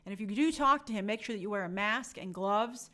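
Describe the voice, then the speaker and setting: A woman's voice: mid-range voice, fairly quick, bright, forceful tone. Chatty woman hosting a live stream. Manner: chatty, friendly, reads names aloud. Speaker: live stream host reading viewer comments. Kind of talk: casual live chat.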